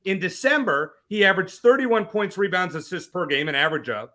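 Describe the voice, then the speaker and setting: Bright-voiced male betting analyst. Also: high voice, expressive, brisk. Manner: confident, counts through the numbers out loud. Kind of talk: making betting picks on a show.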